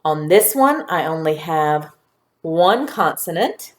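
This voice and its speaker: A woman teaching a phonics lesson to young children, patient and sounding out word parts slowly. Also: sits low, animated. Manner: slow, patient, stretching out sounds. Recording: echoey room.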